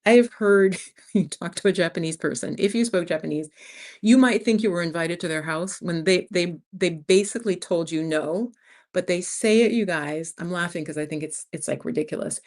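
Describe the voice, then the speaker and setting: A woman's voice: lowish voice, moderate pace, darkish tone. A woman in her fifties with a New York accent, hosting a casual livestream and talking frankly to her viewers as "you guys.". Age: 50s. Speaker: channel host.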